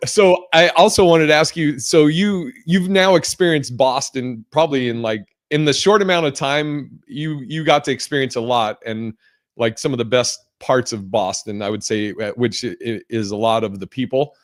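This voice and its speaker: A man hosting a podcast, talking loosely and circling around his questions with plenty of fillers and the odd curse. His voice sits at an ordinary middle pitch. The sound is close and dry, with no room around it. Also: moderate pace, dry recording. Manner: rambling, filler-heavy, swears casually. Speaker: podcast host. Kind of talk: casual podcast chat.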